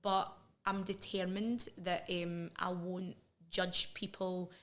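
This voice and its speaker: A woman's voice: lowish voice, level tone, slow. A Scottish woman in her thirties, guest on a podcast, recounting personal experiences frankly and with feeling, often restarting her sentences. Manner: frank and emotional, with frequent restarts. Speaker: interview guest. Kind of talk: candid personal interview.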